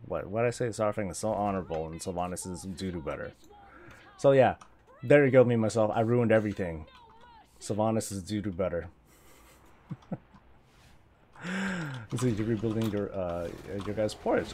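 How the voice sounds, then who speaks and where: A man's voice: fairly low pitch, darkish tone. A man chatting casually on a game stream, rambling and joking, laughing often between thoughts, speaking into a desk mic. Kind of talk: casual stream chat while gaming.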